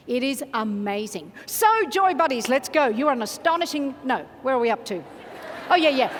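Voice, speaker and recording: A woman giving an energetic motivational keynote in a large conference hall, coaxing the audience to join in. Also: high voice, normal speed, slight background noise. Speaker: motivational speaker. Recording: reverberant hall, faint ambience.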